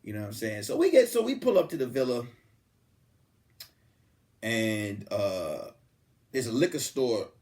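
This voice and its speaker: A young man, a comedian hosting a podcast, telling a comic story and acting out the people in it, swinging from loud outbursts to hushed asides. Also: mid-range voice, measured pace, long pauses. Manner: animated, swings from loud to hushed, acts out quotes.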